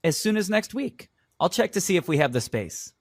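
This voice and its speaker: A man's voice: sits high, big pitch swings, brisk, no echo, studio quality, heavily acted. A man playing a patient vet in a scripted exam listening dialogue, explaining things reassuringly. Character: calm reassuring male vet. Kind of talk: scripted exam role-play.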